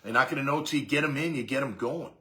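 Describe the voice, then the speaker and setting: A man's voice: medium pitch, fast talker, sharp tone. A man hosting a sports talk show, giving a casual, rambling monologue full of fillers and restarts. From Jacksonville area.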